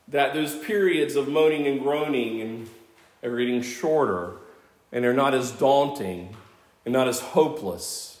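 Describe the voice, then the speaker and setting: A man in his fifties preaching a sermon, earnest and conversational, with self-deprecating asides. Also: mid-range voice. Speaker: pastor. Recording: echoey church room.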